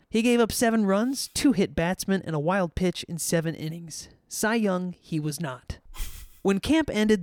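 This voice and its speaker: A man's voice: sits high, clean tone, no echo, clean studio sound. A man hosting a podcast, telling a history story with wry, joking asides. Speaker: podcast host.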